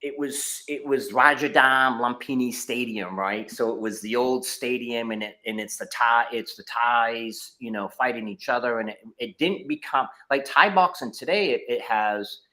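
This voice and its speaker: A man's voice: medium pitch, moderate pace, few pauses, sharp tone. A middle-aged man, a martial arts instructor, telling his story in a casual interview over a video call, with many fillers and restarts.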